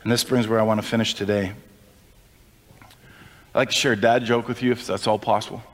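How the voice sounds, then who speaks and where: A man preaching a sermon as pastor, impassioned and climbing in pitch when he stresses a point. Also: flat delivery, a little fast, big-room sound. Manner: impassioned, rising pitch on emphasis.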